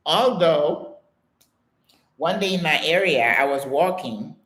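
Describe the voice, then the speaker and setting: An older American woman hosting a live question-and-answer stream, reading viewer comments aloud and telling stories in a chatty, animated way. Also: deep voice, slow pace. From United States. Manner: chatty, animated storytelling with exclamations and laughter. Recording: echoey room sound.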